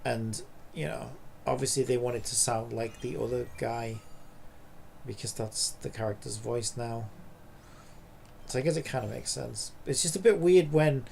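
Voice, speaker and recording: Streamer guy, gravelly voice, rambles with lots of like and you know, faint noise behind. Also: medium pitch, moderate pace, a little mellow. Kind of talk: casual commentary while gaming.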